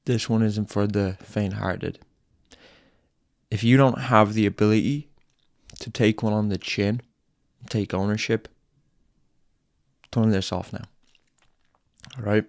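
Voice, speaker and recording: A man's voice: fairly low pitch, fairly even intonation, slow, creaky, pauses often, dry recording. Angry swearing man ranting into a dry mic. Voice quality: blunt, heavy swearing, repetitive. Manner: angry, lecturing, emphatic. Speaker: podcast host. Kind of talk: confrontational tough-love monologue.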